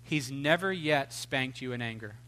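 A man preaching a sermon in an animated, joking way, swinging between loud outbursts and hushed asides. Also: mid-range voice, normal speed. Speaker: pastor.

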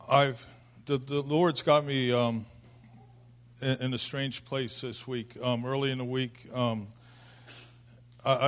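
An older man speaking at a church service, halting and emotional, rising to fervent exclamations. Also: mid-range voice. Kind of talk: informal sermon.

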